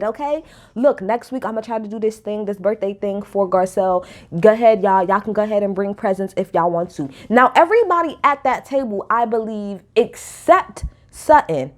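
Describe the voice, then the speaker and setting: High pitched woman ranting sassy tv recap, cursing a lot. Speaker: reality TV recap vlogger. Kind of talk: casual recap commentary.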